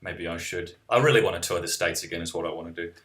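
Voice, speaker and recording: A man's voice: low voice, fast talker, a bit bright. A young man from New Zealand, rambling and wry, chatting casually while reading out viewer questions on a live stream. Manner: rambling, self-interrupting, wry.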